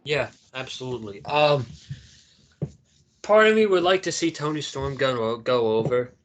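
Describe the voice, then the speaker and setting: A man in a mid-range voice chats through a recap, quoting lines as he goes. He talks in a relaxed, conversational review style. He sounds like a co-host on a casual show. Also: medium pitch, unhurried, slight background noise. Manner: recaps segments, quoting wrestlers in dialogue. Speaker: podcast co-host.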